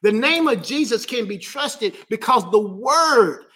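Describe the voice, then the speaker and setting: A man preaching a sermon as pastor, emphatic and driven by repeated refrains, drawing key phrases out slowly. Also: very high-pitched, animated, sharp tone.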